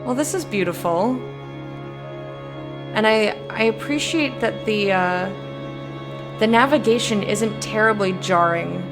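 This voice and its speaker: American woman, casual gamer talking through a game, mid pitch, soft music bed. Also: a little slow, long pauses. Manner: chatty, reads game text aloud. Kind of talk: casual let's-play commentary.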